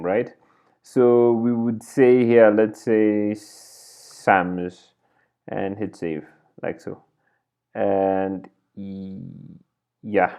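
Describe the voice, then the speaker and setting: In a low, mellow, smooth voice, a man talks extremely slowly with a flat delivery, and the recording loses its highs. Working at a computer indoors, this coding screencast instructor thinks aloud while typing and keeps using "right?" and "like this."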